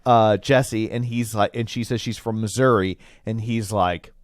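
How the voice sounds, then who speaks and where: Halting, agreeable man co-hosting. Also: on the low side, fairly even intonation, dry recording, studio quality. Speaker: film review podcast co-host. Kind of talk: casual chat.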